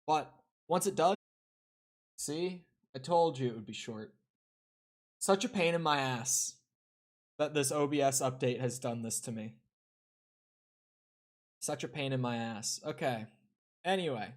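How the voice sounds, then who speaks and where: A young man streams a video game, talking casually with his viewers and swearing now and then as he plays. His voice is medium-pitched, his pace a little slow, and he pauses often.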